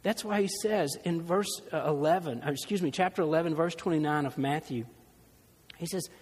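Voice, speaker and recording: A man's voice: on the high side, normal speed, darkish tone, slightly rough, long reverb tail. A man preaching a sermon as pastor, conversational, with humorous asides and stories.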